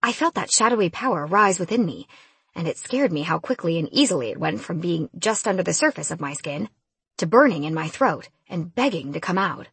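A woman reading a first-person fantasy audiobook in an expressive, lively storytelling manner. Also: lowish voice, a little fast, breathy edge, no room sound. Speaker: audiobook narrator.

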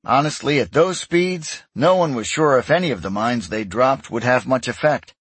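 Male audiobook narrator, husky, animated pitch, steady measured read. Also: no echo. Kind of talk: scripted narration.

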